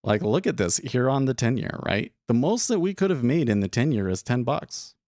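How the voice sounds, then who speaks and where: A man's voice: mid-range voice, very animated, moderate pace, a little mellow, no room sound, studio quality. A young man casually talking through his trading day on a live stream, thinking aloud with frequent restarts and filler words.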